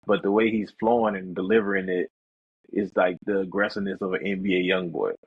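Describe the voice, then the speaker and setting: A man co-hosting a podcast talks loosely about music, with a husky, mid-range voice. He gets animated and sometimes pitches up to mimic rappers. The recording is dry and a little dull. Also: quick pace, no echo. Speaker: podcast co-host. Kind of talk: casual chat.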